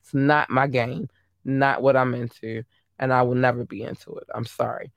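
A podcast host chatting casually on a livestream, gushing and affectionate, calling listeners babies and darlings, with the voice leaping between low murmurs and high squeals. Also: steady tone, moderate pace, creaky, no echo, studio quality.

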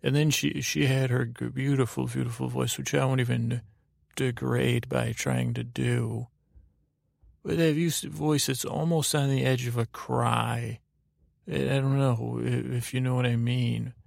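A man's voice: mid-range voice, flat delivery, measured pace, creaky, darkish tone, no room sound, studio quality. A man hosting a podcast, telling a meandering bedtime story full of ums and restarts. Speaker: podcast host.

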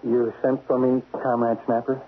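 A man's voice: medium pitch, little pitch movement, normal speed, slight background noise, natural voice. An actor playing a nervous, stammering male undercover agent in a 1970s radio drama. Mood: flustered. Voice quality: stammering, flustered. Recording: lo-fi narrow-band radio recording.

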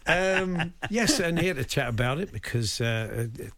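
Male radio host, slightly high voice, chatty rambling storyteller. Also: expressive, unhurried, crowd noise. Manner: rambling anecdotal storyteller, restarts sentences. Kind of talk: casual studio chat.

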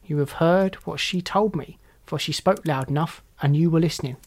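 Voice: mid-range voice, normal speed, a little mellow, close to an everyday voice. A storyteller voicing a wild young robber girl in a storybook reading, with blunt, commanding speech. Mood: bossy.

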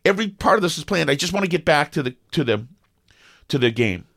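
A middle-aged man, co-hosting a podcast and telling a story in an animated, exasperated way with lots of restarts. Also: fairly high pitch, fast talker, creaky, no echo, clean studio sound. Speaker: podcast co-host. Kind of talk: casual storytelling chat.

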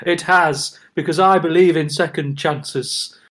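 A man's voice: fairly high pitch, steady tone, measured pace, very noisy, lightly acted. A man playing a smug, forgiving Father Christmas in a role-play game, talking with half-suppressed laughter.

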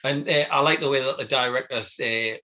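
Hesitant man with bright voice. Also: medium pitch, fairly even intonation, a little fast, dull audio. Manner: dry, hesitant, stammering restarts. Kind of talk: casual chat.

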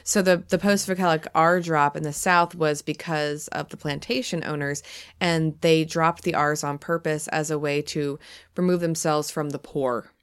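Smooth-voiced woman podcast co-host. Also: sits low, moderate pace. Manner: chatty, explains at length, speeds up when excited. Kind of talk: casual podcast chat.

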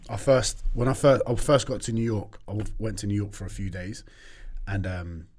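A man's voice: fairly low pitch, moderate pace, a little hiss or hum. A man chatting casually as a podcast guest, telling stories with lots of slang. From Turkish heritage. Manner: animated storyteller, laughs often, British slang. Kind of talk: casual chat.

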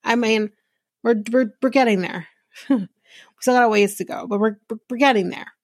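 A woman hosting a podcast, casually recapping a reality show episode with many fillers and quick asides. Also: on the high side, no room sound, clean studio sound.

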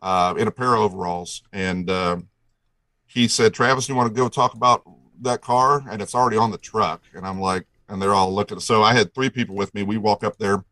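A man from Indiana tells a rambling, folksy story and acts out everyone's lines along the way. His voice sits a little low but comes across bright and forceful. The sound is dry and close. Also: steady tone, brisk, no echo, poor audio. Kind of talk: casual storytelling.

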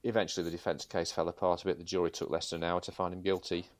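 A middle-aged man recounts police stories in a measured, dry way. His voice is very low, with occasional hesitations. The sound is close and dead dry. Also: little pitch movement, no echo. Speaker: guest, former police sergeant. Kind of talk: anecdotal storytelling.

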